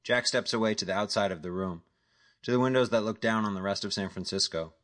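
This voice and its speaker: A man reading a crime novel as scripted narration, telling the story in a steady, matter-of-fact way. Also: on the low side, fast talker. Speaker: audiobook narrator.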